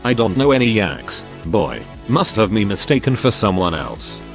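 A synthetic male voice reading a gruff old security chief. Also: lowish voice, sing-song, normal speed, faint music behind.

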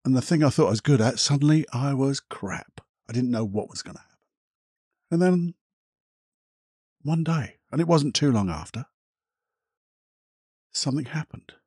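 Husky middle-aged man, candid. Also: medium pitch, lively intonation, darkish tone, no room sound, studio quality. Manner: reflective, candid, casual swearing, halting pauses. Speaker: hypnotherapist podcast host. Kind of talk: solo podcast storytelling.

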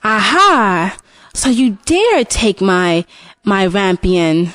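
A woman voicing a scheming old witch in a storybook reading, gloating and sly, with drawn-out exclamations. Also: medium pitch, big pitch swings, a bit bright, no room sound, exaggerated voice. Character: scheming old female witch guarding her garden.

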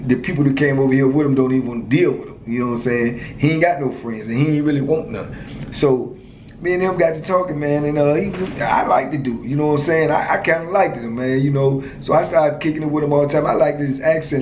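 A man's voice: medium pitch, fairly quick, darkish tone. A man in his fifties telling a story in casual street slang, filled with "you know" and "man", as a former prisoner, in an echoey room with faint noise.

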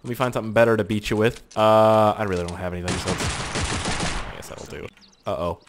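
Against some background noise, a young man from Canada talks fairly quickly in a fairly low voice. As a gaming YouTuber, he riffs crudely on his gameplay, swearing a lot and erupting in lively outbursts.

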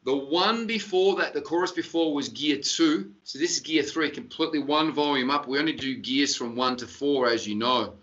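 A man's voice: on the high side, moderate pace, few pauses, fairly bright tone. A man teaching singing over a video call, explaining step by step and giving short praise. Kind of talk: online singing lesson coaching. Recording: dull distant video-call audio.

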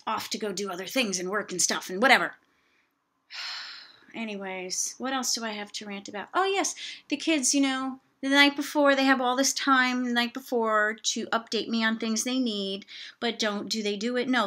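Bright-voiced woman ranting to camera. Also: on the high side. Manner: chatty, exasperated, self-mocking asides. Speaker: vlogger. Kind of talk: casual rant to camera.

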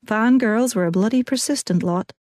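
A woman narrating an audiobook in even, clear storytelling. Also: a little high, moderate pace, dry recording, clean studio sound. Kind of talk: scripted narration.

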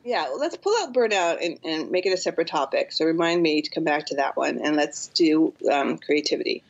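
Woman, psychotherapist guest on a podcast, earnest and explanatory, gravelly tone, dull recording. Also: low-pitched, lively intonation, a little fast. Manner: earnest, explaining with acted-out examples. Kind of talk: podcast interview.

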